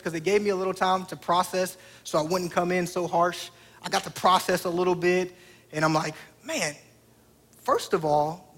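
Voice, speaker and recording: A man's voice: sits high, fairly bright tone. A man in his thirties, a pastor preaching a sermon through a family story, talking conversationally and putting direct questions to the congregation.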